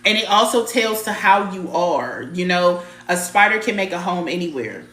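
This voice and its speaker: On a live spiritual stream, a woman with a lowish, somewhat bright voice talks at normal speed with lively intonation, and the sound is reverberant. She's casual and blunt, calling out viewers by name, swearing a little and hammering her points home by repeating phrases.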